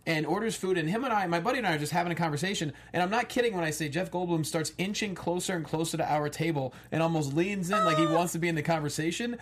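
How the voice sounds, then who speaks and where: A man's voice: a little high, fast, few pauses, a bit bright, slight background noise. A man co-hosting a casual chat, telling a story in an easygoing way. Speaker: co-host.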